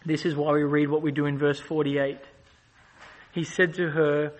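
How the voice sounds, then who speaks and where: A man delivering a sermon as a visiting preacher, his voice sitting a little high. He builds to loud, passionate peaks, then drops into soft, slow explaining. The delivery is earnest and driving throughout. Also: level tone, poor audio. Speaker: guest preacher.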